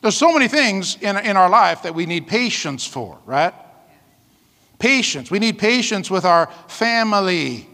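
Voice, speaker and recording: A male pastor delivers a sermon in a high, bright voice with a gravelly edge. He preaches in a folksy, storytelling way, full of asides. The sound rings out with a long hall reverb. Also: sing-song, a little slow.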